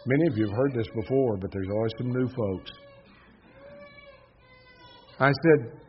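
A man preaching a sermon in an emphatic style, swinging between loud stresses and hushed asides. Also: mid-range voice, brisk, hardly any pauses. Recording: dull lo-fi sound.

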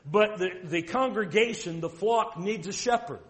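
A man preaching a sermon, emphatic and direct, asking the listeners rhetorical questions and reading scripture aloud slowly. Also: high-pitched, fairly bright tone.

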